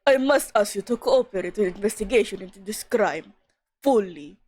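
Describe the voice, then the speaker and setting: A woman's voice: mid-range voice, animated, moderate pace, a little mellow, breathy edge, pitched below the performer's own voice. Woman reading as a stiff ship official. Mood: stern. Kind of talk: reading game dialogue aloud.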